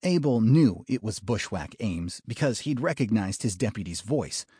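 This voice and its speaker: A man narrating a western audiobook in an unhurried, expressive way. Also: fairly low pitch, slightly rough, no room sound, studio quality.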